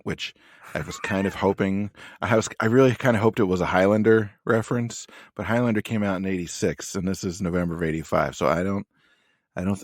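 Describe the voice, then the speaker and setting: A man's voice: sits low, dry recording. A man co-hosting a podcast in casual chat, rambling with dry humor. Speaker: podcast co-host.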